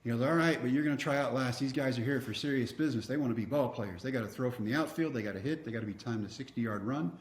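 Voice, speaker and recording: A middle-aged man from Texas tells his story as a podcast guest. He acts out the other people in it and jokes about himself. His voice sits at an ordinary middle pitch, and it echoes through a reverberant room. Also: quick pace, few pauses. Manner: animated storyteller acting out quoted dialogue, wry self-mocking humor. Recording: roomy echo.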